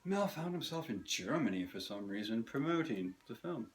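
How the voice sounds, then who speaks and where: A man narrating a scripted comedic video essay with dry, sardonic, self-mocking timing and theatrical pauses. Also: medium pitch, very animated.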